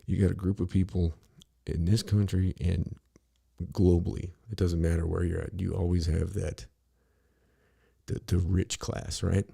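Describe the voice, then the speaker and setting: A man's voice: sits low, level tone, a little slow, gravelly, warm tone, breathy edge. A middle-aged man talking bluntly and casually on a podcast, rambling and profane, with lots of "you know" between his thoughts.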